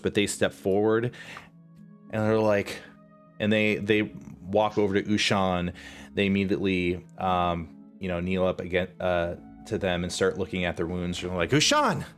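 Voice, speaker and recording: A man narrating as game master for a live-streamed tabletop game, casual and full of fillers, speaking into a desk mic at home. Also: sits low.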